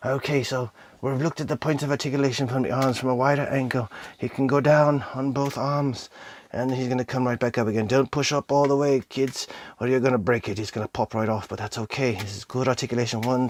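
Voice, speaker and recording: A man reviewing an action figure on his own channel, excitedly gushing and talking to the toy and his audience. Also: medium pitch, a little hiss or hum. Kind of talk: enthusiastic toy review vlog.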